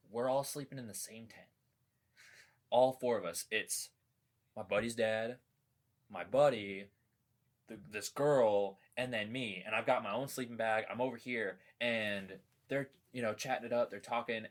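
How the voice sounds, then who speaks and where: A young man spins a long, rambling story as a podcast guest. His voice sits in an ordinary middle pitch, and he swears freely and stacks up fillers as he talks. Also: measured pace. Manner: rambling, profane, many fillers. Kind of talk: casual storytelling chat.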